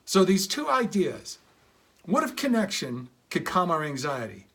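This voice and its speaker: A man's voice: sing-song, measured pace, a bit bright. A middle-aged man giving an earnest motivational talk, telling stories and acting out quoted lines of dialogue. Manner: earnest, shifts pitch to act out quoted dialogue. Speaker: speaker.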